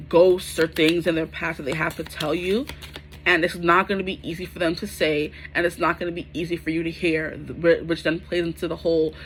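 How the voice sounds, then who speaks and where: A woman in her twenties doing a casual, chatty tarot reading to camera, full of slang and animated asides. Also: on the low side, a little hiss or hum. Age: 20s. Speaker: tarot reader.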